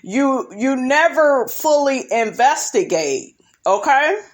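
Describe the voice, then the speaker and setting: Brash, profane woman with a lively voice. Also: high voice, slow. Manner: brash, blunt, profane, laughs often. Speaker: reality show recap vlogger. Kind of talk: profane reality TV recap commentary.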